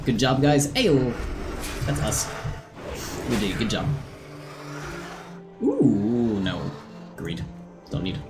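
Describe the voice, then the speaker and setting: Lively, chatty live game streamer. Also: medium pitch, takes it slowly, long pauses, over music. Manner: chatty, talks to teammates and chat while playing. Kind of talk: live gameplay commentary, chatting with viewers.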